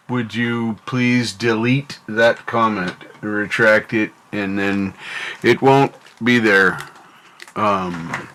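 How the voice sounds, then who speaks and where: A man's voice: on the low side, bright, forceful tone, a little hiss or hum. A North American man hosting a livestream, rambling casually and thinking aloud while he answers his chat. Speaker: livestream host.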